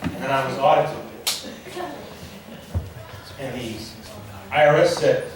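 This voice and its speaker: A man's voice: medium pitch, steady tone, slow pace, long pauses, noisy background. Wry male stand-up comic in an echoey club. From Nigeria. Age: 40s. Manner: wry, dry, chatting with the audience. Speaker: stand-up comedian. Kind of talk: stand-up comedy set. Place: comedy club stage. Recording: echoey club room from far off.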